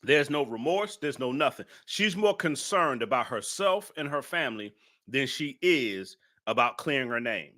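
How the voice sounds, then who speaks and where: Emphatic man, bright voice. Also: medium pitch, animated, normal speed. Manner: emphatic, repeats points, indignant rhetorical questions. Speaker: live-stream commentator. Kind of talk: live-stream commentary.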